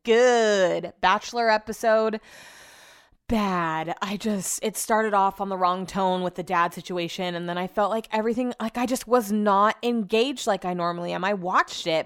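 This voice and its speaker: A young woman talking in a loose, gossipy way, like she's catching up with friends. She swears casually and jumps from topic to topic. Her voice sits at an ordinary middle pitch. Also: clean tone. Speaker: podcast host. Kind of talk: casual chat.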